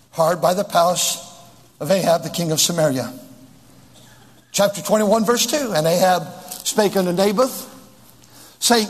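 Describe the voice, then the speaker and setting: A man preaching a sermon, reading King James scripture and hammering home repeated exhortations, with a husky voice. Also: high-pitched. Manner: exhorting, repetitive refrains, mocks voices in quotes. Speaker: pastor. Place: church sanctuary. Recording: echoey hall reverb.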